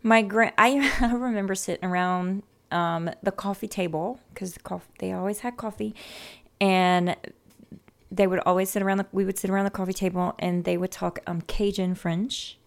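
A woman from Louisiana, a guest on an interview show, chatting in a lively way, laughing often and leaning on "um" and "like". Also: mid-range voice, moderate pace, creaky. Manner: animated, laughs often, fillers like "um" and "like". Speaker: guest, psychic medium. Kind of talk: casual interview chat.

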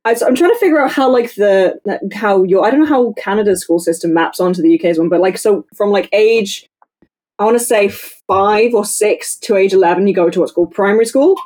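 A woman's voice: mid-range voice, mellow. A woman from England with a received pronunciation accent, a guest chatting casually and explaining with many restarts. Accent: English received pronunciation. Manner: giggly, explanatory, halting restarts. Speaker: podcast guest. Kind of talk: casual chat.

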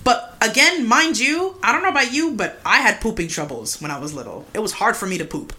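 A woman's voice: a little high, lively intonation, brisk, bright, forceful tone. A young woman co-hosting a podcast, retelling a true-crime case in a loose, profane chat full of "like" and "mind you". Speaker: podcast co-host.

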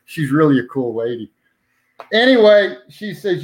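A man's voice: fairly high pitch, big pitch swings, moderate pace, low-quality recording. A man casually telling a long story in a folksy, rambling way, often circling back with "anyway.". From New Mexico. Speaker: podcast guest, citizen petition organizer.

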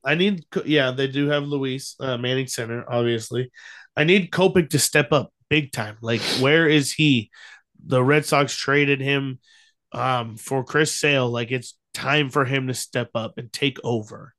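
A young man co-hosts a podcast, chatting casually about baseball in a mid-range, slightly bright voice at an unhurried pace. His sports talk is easygoing, with ums and restarts.

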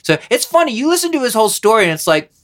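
A man hosting a podcast, chatting casually in a rambling, animated way and swearing freely. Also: very high-pitched, rapid-fire. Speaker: podcast host. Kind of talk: casual chat.

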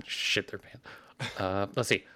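A man's voice: on the low side, takes it slowly, bright, forceful tone, husky. A man co-hosting a podcast, trading crude joking quips in casual chat. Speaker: podcast co-host.

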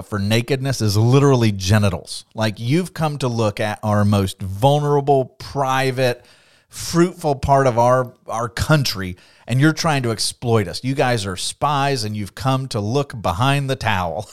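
A man co-hosting a Bible study podcast, teaching in a lively, conversational way, laughing often and acting out quotes. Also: medium pitch, dry recording, clean studio sound.

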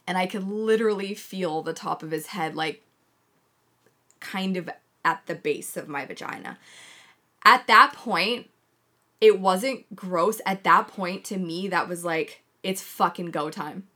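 A young woman chatting casually as a podcast co-host, telling a blunt, heavily sworn, animated story. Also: fairly low pitch, unhurried. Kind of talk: casual chat.

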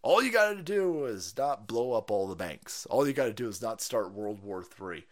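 A man hosting a live stream, ranting in profane commentary, mocking and laughing often, breaking into loud excited outbursts. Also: lowish voice, moderate pace. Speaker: livestream host.

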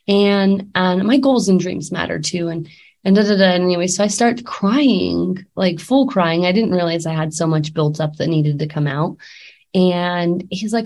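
A woman's voice: lowish voice, a little slow, darkish tone. A woman in her thirties, a life coach, talking candidly and casually with many fillers and restarts, a little sick. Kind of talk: casual talk to camera.

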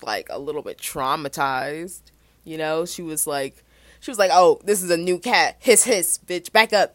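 A young woman hosting her own podcast, talking in a chatty, animated way with quick asides. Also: low voice, dry recording. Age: young adult. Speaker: podcast host. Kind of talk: casual chat.

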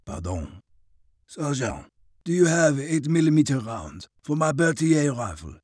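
A man voicing a reserved, proud soldier who speaks in low, quiet, clipped lines. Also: sing-song, measured pace, breathy edge, no room sound, clean studio sound, exaggerated voice. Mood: curt.

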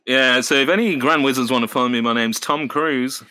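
A man's voice: medium pitch, normal speed, bright, forceful tone, slight background noise. A man co-hosting a comedy podcast, swearing freely and riffing into silly bits. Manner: swearing, riffs into silly voices. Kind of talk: crude comedic podcast banter.

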